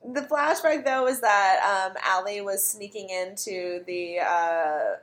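A woman co-hosts a casual podcast, recapping a TV episode with a friend. Her voice sits at an ordinary middle pitch, and she swears freely. She slips into the characters' voices when quoting their lines. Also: slow, fairly bright tone. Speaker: podcast co-host.

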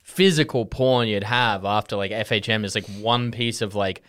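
A man's voice: fairly low pitch, moderate pace, fairly bright tone. A man telling a story loosely, with lots of fillers, in a casual podcast chat.

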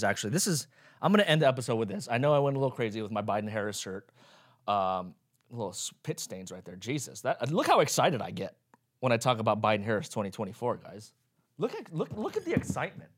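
A man's voice: mid-range voice, no echo. A young man hosts his own podcast, talking in a casual, sarcastic and profane way. His voice sits in an ordinary middle range. It is recorded close and dry, with hardly any room sound. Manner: profane, sarcastic, jumps between loud mock outrage and mumbling asides. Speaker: podcast host. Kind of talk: casual solo podcast rant.

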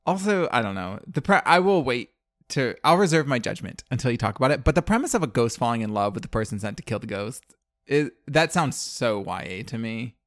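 A man co-hosting a podcast in casual chat, skeptical and quick to laugh. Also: mid-range voice, big pitch swings, dry recording, clean studio sound. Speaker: podcast co-host.

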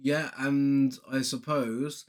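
A man's voice: medium pitch, flat delivery, takes it slowly. A man co-hosting a podcast, casually recapping a film with laughs and quoted lines. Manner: laughing, recaps plot with mocking quoted voices. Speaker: podcast co-host. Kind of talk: casual chat.

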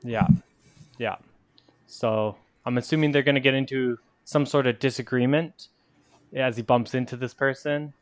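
Relaxed man playing a tabletop game. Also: mid-range voice, dry recording. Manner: relaxed, laughing, with halting restarts. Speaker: player. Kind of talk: casual chat at a tabletop game.

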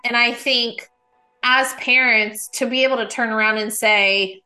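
A woman's voice: fairly high pitch, fairly even intonation, unhurried, sharp tone, faint music behind, rough recording. A woman hosting a podcast, a mother talking in an enthusiastic, reflective way. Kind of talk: casual interview chat.

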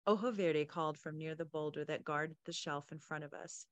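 A woman podcast host reading a story aloud in a steady, engaged way. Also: low voice, moderate pace, no room sound.

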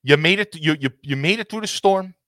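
Male podcast host, heated ranter, swears a lot, higher pitch. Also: brisk, sharp tone, dry recording, studio quality. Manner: passionate, ranting, swears freely. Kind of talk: heated casual football talk.

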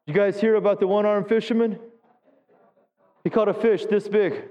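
High-voiced pastor preaching in a big hall. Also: male voice, fairly even intonation, moderate pace, warm tone. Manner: conversational preaching, asks the congregation questions. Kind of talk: sermon. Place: church sanctuary. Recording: dull lo-fi sound with long hall reverb.

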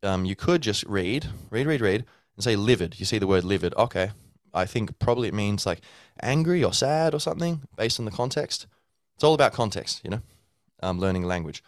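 A man with a low, deep voice talks in a loose, unscripted way, full of fillers and restarts. He explains things casually, as a podcast host would. The recording is dry and close, with no room sound. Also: expressive, brisk, hardly any pauses, no echo. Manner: rambling, with many fillers and restarts; acts out a learner's inner thoughts. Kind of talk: casual teaching monologue.

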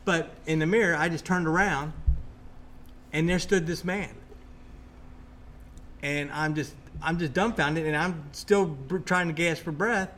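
A man telling a haunting story as a guest, animated and rambling, often restarting his sentences. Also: on the high side, unhurried, pauses often, slight background noise. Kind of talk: excited storytelling.

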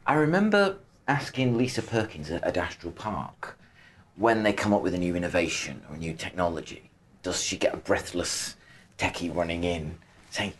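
A man hosts a podcast and puts his questions to a guest with playful animation. His speaking voice sits fairly low. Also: lively intonation, moderate pace. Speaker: podcast host. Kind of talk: interviewing.

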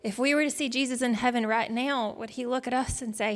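Woman, worship leader, conversational and heartfelt, voice a touch higher than most. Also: fairly even intonation, a little fast, hardly any pauses. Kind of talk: devotional teaching talk.

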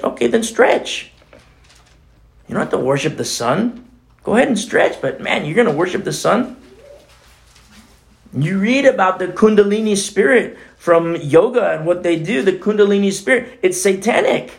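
A man's voice: high voice, animated, moderate pace, creaky. A man preaching a casual, conversational sermon as pastor, often dropping in "you know" and acting out the voices in scripture.

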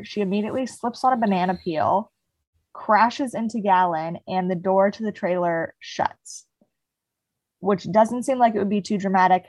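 A woman's voice: medium pitch, a little mellow, no room sound, low-quality recording. Young woman, podcast co-host, casual book chat, rambling fillers, dry sound. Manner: rambling retelling, heavy "like" fillers.

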